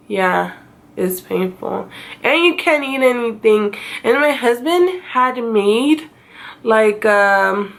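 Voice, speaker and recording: A vlogger with a gravelly voice tells a casual story slowly and chattily. Poking fun at herself, she reenacts her past crying with a high-pitched wail.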